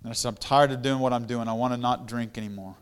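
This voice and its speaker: A middle-aged guest pastor with a smooth, resonant voice at an ordinary pitch for a man. He tells his own story plainly and conversationally, then rises into louder, fervent preaching. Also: fairly even intonation, quick pace. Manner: conversational testimony, grows louder and more fervent when preaching. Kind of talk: storytelling sermon.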